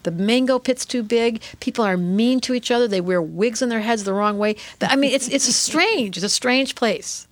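Lively, expressive woman guest, dry sound. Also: fairly high pitch, moderate pace, few pauses, dry recording. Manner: expressive, acts out inner voices, laughs often. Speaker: guest, astrologer and author. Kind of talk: animated interview talk.

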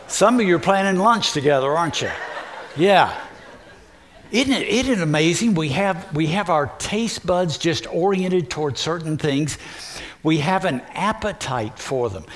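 Slow-speaking male pastor preaching. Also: on the high side. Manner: folksy, engaging the congregation. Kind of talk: sermon.

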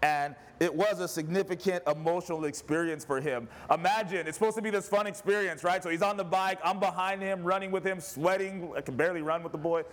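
Animated high-voiced male preacher. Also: a little fast, few pauses. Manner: animated, conversational, asks the audience "right?". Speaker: pastor. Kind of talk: sermon with personal storytelling.

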